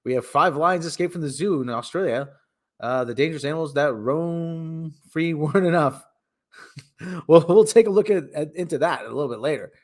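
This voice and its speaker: A man's voice: fairly high pitch, fairly quick. A man hosting a casual solo livestream, rambling and cutting himself off, with mock radio-announcer asides. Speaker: livestream host.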